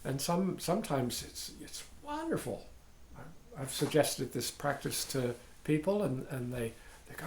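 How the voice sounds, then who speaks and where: An older man, a dharma teacher, giving a contemplative talk in halting, searching phrases with frequent asides. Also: fairly high pitch, big pitch swings, vocal fry, a little mellow, echoey room, a little hiss or hum.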